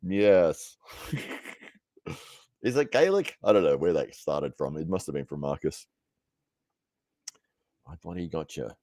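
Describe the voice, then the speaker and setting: A man's voice: very deep voice, expressive, measured pace, long pauses, mellow, no room sound, studio quality. A young man hosting a casual livestream, chatting and reading out viewer comments with frequent laughter and self-deprecating humour. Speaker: livestream host. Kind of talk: casual live-stream chat reading comments.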